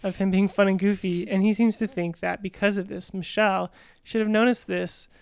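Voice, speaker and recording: Smooth-voiced chatty woman podcaster. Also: medium pitch, steady tone, moderate pace, no echo, clean studio sound. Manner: chatty, frequent "um" and "you know". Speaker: podcast co-host. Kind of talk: casual recap chat.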